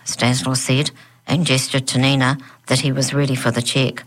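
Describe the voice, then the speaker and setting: A woman narrates a children's audiobook with a low voice. Her reading is even and storytelling-like. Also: normal speed, low-quality recording.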